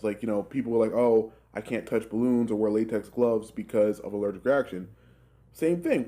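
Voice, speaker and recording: A young man in his twenties telling a rambling, profane work story in a casual, animated way, full of filler words. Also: a little high. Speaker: gaming channel host telling a story.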